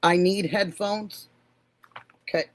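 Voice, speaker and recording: An older woman hosting a live stream, warmly greeting viewers by name and calling them honey and sweetheart. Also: medium pitch, steady tone, slow. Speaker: livestream host.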